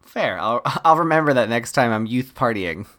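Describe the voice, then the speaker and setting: Role: podcast co-host. Style: casual film-recap chat. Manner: animated storytelling, wry asides, easy laughter. Pitch: medium. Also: normal speed.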